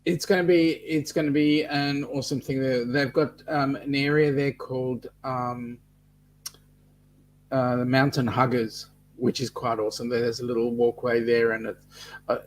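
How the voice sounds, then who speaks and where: A man's voice: mid-range voice, level tone, normal speed, a little hiss or hum. A man joining a live chat as a guest, describing travel plans in an easygoing way with fillers. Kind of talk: casual chat.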